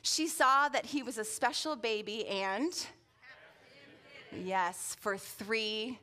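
A woman's voice: a little high, slow, pushed and bright. A woman preaching as a guest speaker in a church, playful and chatty, often asking the room questions. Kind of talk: sermon with audience interaction. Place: church sanctuary.

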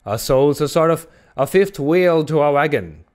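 A man voicing a ragged old sailor prophet who speaks with earnest, dark insistence in old-salt dialect, in an audiobook reading. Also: on the high side, lively intonation, normal speed, voice pushed up, lightly acted. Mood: ominous. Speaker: audiobook reader.

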